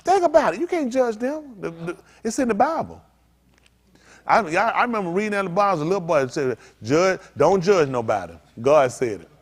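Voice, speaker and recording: A middle-aged male pastor preaching in a lively, story-driven way. His voice sits a little high and leaps all over the place. He drops to a mutter, then bursts out loud, and acts out the voices of the people in his stories. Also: brisk, slightly rough. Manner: animated, swings from low mutters to loud outbursts; quotes others in acted voices, repeats phrases.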